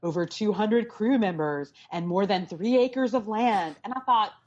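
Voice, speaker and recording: A woman co-hosting a casual pop-culture podcast, talking in a sarcastic, animated way. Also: medium pitch, measured pace. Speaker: podcast co-host. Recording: dull lo-fi sound.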